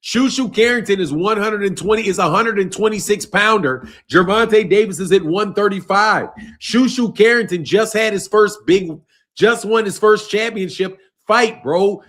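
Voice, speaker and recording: A man's voice: sits high, normal speed, a bit bright. A young man hosting a boxing live stream, laughing and swearing as he argues with viewers' comments. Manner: exasperated, profane, laughing, arguing with commenters. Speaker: boxing channel host.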